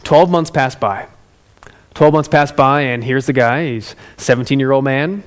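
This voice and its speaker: A man giving a motivational talk, telling a story in an animated, conversational way and speaking directly to his listeners. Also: mid-range voice, moderate pace.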